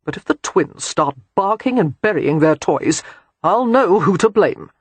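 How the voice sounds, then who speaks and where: A man's voice: high-pitched, lively intonation, measured pace, slightly rough, dry recording, full character voice. The audiobook narrator voicing a sardonic, exasperated aristocratic man. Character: sardonic aristocratic man, dry-witted lord.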